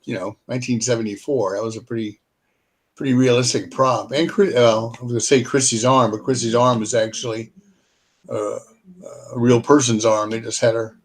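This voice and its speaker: A man in his sixties co-hosting a casual talk show, speaking in an easygoing, matter-of-fact way. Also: medium pitch. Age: 60s. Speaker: podcast co-host. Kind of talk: casual chat.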